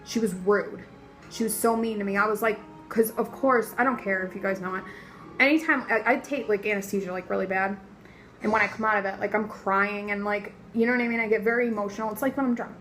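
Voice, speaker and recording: A young woman telling a story casually in a vlog, animated and profane, full of fillers, sore after surgery. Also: mid-range voice, fast, soft background music, rough recording. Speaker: vlogger.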